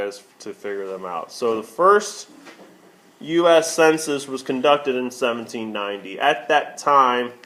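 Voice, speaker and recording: A man's voice: mid-range voice, fairly bright tone. A male math teacher talking through a screencast lesson, asking questions and answering them himself, with many okays. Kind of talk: screencast lesson explaining on a tablet.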